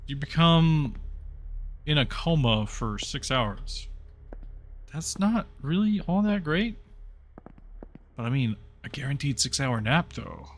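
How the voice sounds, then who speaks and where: A man's voice: a little high, expressive, slow, pauses often. A young man casually commentating a horror game on a livestream, rambling and reading chat messages aloud. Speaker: streamer playing horror games.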